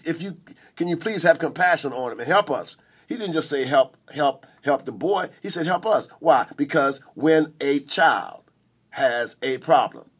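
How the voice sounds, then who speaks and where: A man's voice: mid-range voice, slightly rough. A middle-aged man preaching a sermon on a recovery radio show, emphatic and repetitive with call-and-response.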